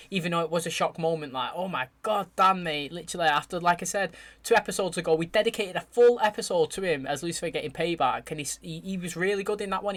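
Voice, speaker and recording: A man hosting his channel, chatting excitedly as he reacts to a show's finale and addresses his viewers directly. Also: on the high side. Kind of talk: casual reaction commentary.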